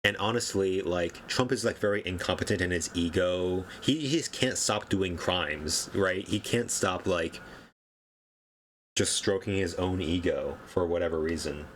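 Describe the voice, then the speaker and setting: Young male vlogger, deep voice, loose offhand delivery for casual commentary. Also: measured pace, a bit bright, a little hiss or hum. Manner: rambling, offhand, chuckles at his own points. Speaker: political commentary YouTuber.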